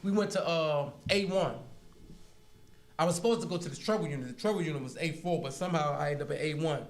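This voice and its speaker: Man from harlem, high voice, animated storytelling, laughs a lot, roomy echo. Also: fast talker. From Harlem, New York. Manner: animated, acts out prison dialogue, laughs often. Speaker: interview guest. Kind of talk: casual storytelling interview.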